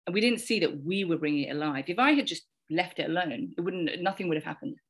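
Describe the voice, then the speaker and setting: A woman's voice: on the low side, fast, slightly rough. A woman in her forties telling a rambling, heartfelt parenting story in a casual conversation, often repeating words and quoting herself and others. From England. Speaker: podcast guest sharing a parenting story.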